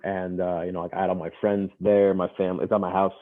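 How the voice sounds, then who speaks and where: A young man with a very deep voice tells a personal story as a podcast guest. He talks loosely and casually, leans on fillers, and laughs easily. His voice comes through thin and narrow, like a phone line. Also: fast talker. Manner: relaxed, laughs often, many fillers like "you know".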